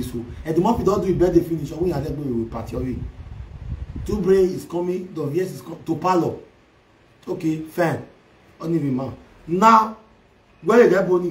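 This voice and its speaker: A man delivers a mocking, loud social media rant, switching between Pidgin, Yoruba and Igbo. His voice sits high for a man and rings in a roomy, echoey space. He sounds set back from the microphone. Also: distant mic, slight background noise. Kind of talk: ranting livestream commentary.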